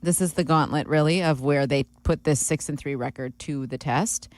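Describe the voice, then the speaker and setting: A woman co-hosting sports radio, quick and agreeable, backing up her partner. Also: sits low, a little mellow. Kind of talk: casual sports talk. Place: radio studio.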